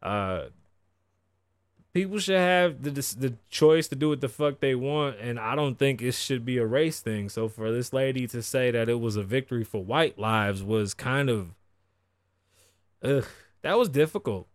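A man's voice: mid-range voice, measured pace, dry recording. A man hosting a podcast, riffing on news in a casual, profane and opinionated way. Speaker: podcast host.

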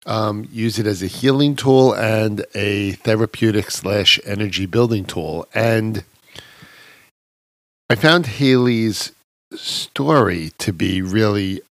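A man with a New York accent hosting a podcast interview, chatty and animated, with dry humor. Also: lowish voice, takes it slowly, no echo. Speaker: podcast host.

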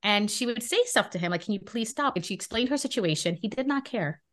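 The co-host's voice runs on the high side here, and she talks quickly. Casually chatting on the podcast, this Brooklyn woman tells a story with animated outrage, voicing the dialogue herself.

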